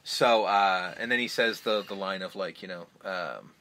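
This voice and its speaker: A man's voice: sits low, normal speed, sharp tone. A man hosting a casual film podcast, retelling movie scenes with lots of swearing. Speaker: podcast host.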